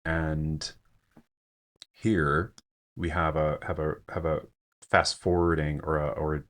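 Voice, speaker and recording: A man's voice: very deep voice, level tone, slow, fairly bright tone. A man giving a screen-share poetry lesson, thinking aloud with frequent fillers and self-corrections. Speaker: teacher.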